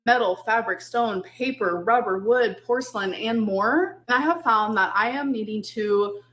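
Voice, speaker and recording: A woman's voice: a little high, normal speed, fairly bright tone. A woman talking through a shopping haul in a vlog, chatty and upbeat, with lots of "like". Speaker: vlogger.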